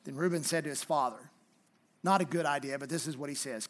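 A pastor preaching a sermon, reading scripture aloud with rising emphasis and then explaining it in a softer, conversational way. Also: male voice, a little high, a little fast.

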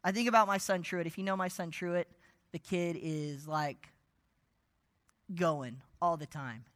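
Bright-voiced man preaching with lively storytelling. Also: fairly high pitch, unhurried. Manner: animated storytelling, drops to near-whisper for asides. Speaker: pastor. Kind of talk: evening sermon.

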